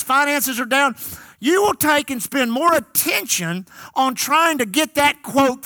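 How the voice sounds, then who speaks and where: Man, fifties, pastor, emphatic preaching, high voice, dry sound. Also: bright, forceful tone, dry recording. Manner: emphatic, repeats key lines, calls out to the congregation. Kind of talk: sermon.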